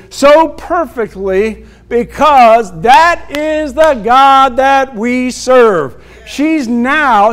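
A man's voice: very high-pitched, clear, resonant tone. A male pastor preaching a sermon, acting out scripture scenes and calling out to the congregation for responses. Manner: preaching with call-and-response asides; acts out scripture scenes in quick bursts.

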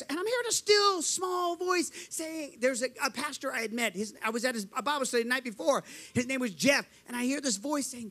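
A man's voice: very high voice, lively intonation, fairly quick, pushed and bright. A man preaching a fervent sermon, telling his testimony, calling to the crowd and acting out the voices in his story.

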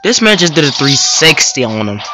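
Excitable young guy gaming, lively pitch. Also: brisk, poor audio. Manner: excitable, trash-talking, slangy. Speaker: gaming YouTuber. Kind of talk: casual gameplay commentary. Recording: loud game music behind. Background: loud game music.

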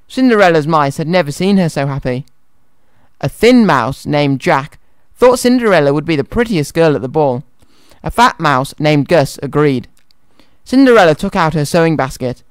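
Cheerful radio guy reading a kids' story, bit higher voice, close studio mic. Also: lively intonation, normal speed, smooth, no echo. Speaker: radio presenter. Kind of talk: children's radio show, reading a story aloud. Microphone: studio microphone.

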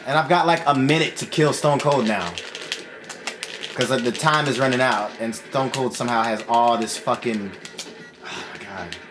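Gamer man, casual let's-play talk, cursing in constant frustration, loud game music underneath. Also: medium pitch, moderate pace. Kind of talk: casual gameplay commentary.

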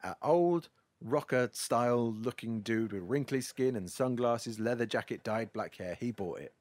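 A man's voice: medium pitch, lively intonation, a little slow, darkish tone, dry recording. A man hosting a podcast, wryly recapping a film plot in a casual, storytelling way. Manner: wry, storytelling. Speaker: podcast host.

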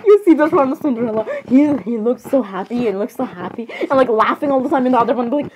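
A woman reacting in playful role-play chat, high-voiced and bouncing around in pitch. She giggles often, gets excitable, and keeps apologizing. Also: quick pace, hardly any pauses, a little hiss or hum, poor audio.

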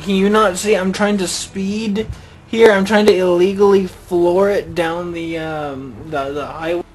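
A young man with a slightly high voice talks through his gameplay in a loose, rambling way. He jokes, grumbles and mutters exclamations to himself as he plays. A faint hiss of noise sits under the recording. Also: poor audio. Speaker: gaming channel host. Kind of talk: casual gameplay commentary.

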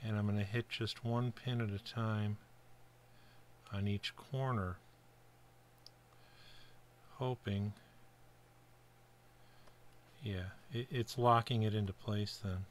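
A man's voice: on the low side, steady tone, takes it slowly, long pauses, a little hiss or hum. A middle-aged man from the Buffalo, New York area, narrating his kit build in a chatty, rambling way with fillers. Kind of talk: casual workbench narration.

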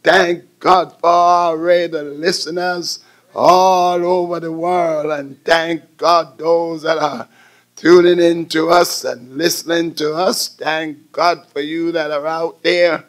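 High-voiced, unhurried preaching man. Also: level tone. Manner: rhythmic preaching with repeated "my God" refrains, building to shouts. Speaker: preacher filling in for the bishop. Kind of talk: radio sermon.

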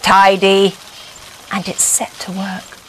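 A woman reading a bedtime story aloud in a gentle, expressive way. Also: medium pitch, measured pace, slight background noise.

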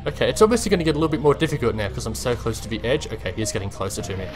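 A man narrates his game run for viewers in an excitable, unfiltered way, dropping to low mutters and then leaping into high shrieks when something startles him. He swears often and talks to himself as he plays. Quiet music sits faintly in the background. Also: quick pace. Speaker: gameplay commentator. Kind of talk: let's-play commentary.

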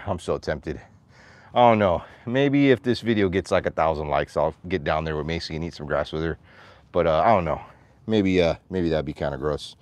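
A man livestreaming from his farm, chatting with viewers and calling to his animals in a high voice, a little out of breath. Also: moderate pace, dry recording. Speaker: vlogger, farm owner. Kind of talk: casual livestream vlog. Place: outdoors on a farm.

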